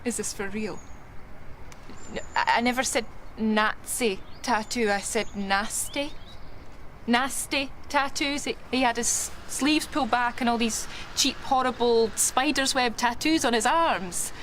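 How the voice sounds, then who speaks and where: A flustered Scottish witness. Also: female voice, a little high, measured pace, fairly bright tone, a little hiss or hum. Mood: exasperated. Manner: stammering, then exasperated. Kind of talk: TV drama acting.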